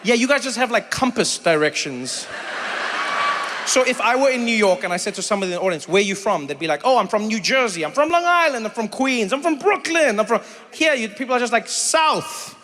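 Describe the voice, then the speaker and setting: A man's voice: high voice, fast talker. A man from South Africa doing stand-up, telling a story and chatting with the crowd, acting out other people's voices. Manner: animated, acts out voices of others. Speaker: comedian and host. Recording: live venue with long reverb and faint noise.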